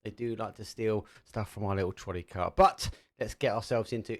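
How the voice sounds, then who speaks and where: A man's voice: fairly low pitch, fairly quick. A man with an Essex accent commentating a live esports match, chatty and joking between calls. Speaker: esports caster.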